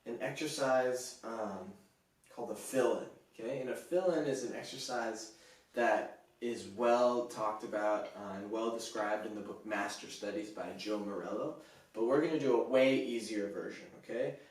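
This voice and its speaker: A man teaching snare drum in a relaxed, casual way, counting beats aloud with frequent fillers. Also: on the low side, normal speed. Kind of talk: casual instructional talk. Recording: echoey room, distant from the mic.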